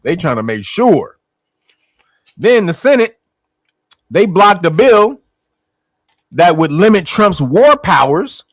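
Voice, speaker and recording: High-voiced man in profane, mocking commentary. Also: big pitch swings, slow pace, long pauses, no room sound. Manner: profane, mocking, laughs often, acts out voices. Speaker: commentary host. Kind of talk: casual political commentary.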